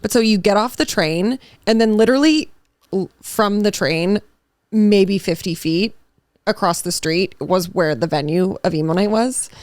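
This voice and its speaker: A young woman co-hosting a podcast rambles happily through a story, and "like" fills her sentences. Her voice sits at a middle pitch. The recording is close and dry, with no room sound. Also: normal speed, darkish tone, no room sound. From Massachusetts. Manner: chatty storyteller, lots of "like". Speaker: podcast co-host. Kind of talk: casual chat.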